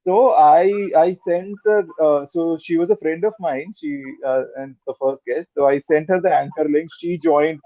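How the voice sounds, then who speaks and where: A man's voice: fairly high pitch, fairly even intonation, normal speed, few pauses, dry recording, muffled recording. A man with an Indian English accent, chatting as a podcast guest, rambling and repeating words, slipping into Hindi. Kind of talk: casual interview chat.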